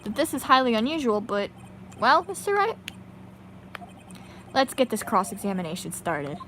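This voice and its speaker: A woman's voice: fairly high pitch, sing-song, moderate pace, fairly bright tone, a little hiss or hum, voice pushed down. Woman doing a flustered old male judge. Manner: formal, hesitant. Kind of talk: reading game dialogue aloud.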